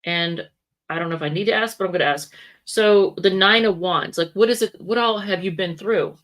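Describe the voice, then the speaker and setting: Her mid-range voice is a bit bright and moves at a normal speed as she does a casual tarot reading. The reading rambles, full of chatty asides and frequent self-corrections.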